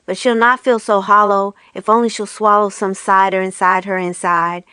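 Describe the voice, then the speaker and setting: Proper, measured male badger, put on by a woman reader; low and slow, dry close sound. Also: level tone, bright, forceful tone, clean tone, dry recording, natural voice. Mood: prim.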